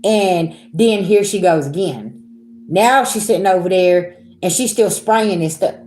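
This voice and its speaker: A young woman, telling a story to her viewers in a blunt, animated, profane way. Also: lowish voice, unhurried, a little hiss or hum. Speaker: spiritual reader vlogger. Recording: roomy echo.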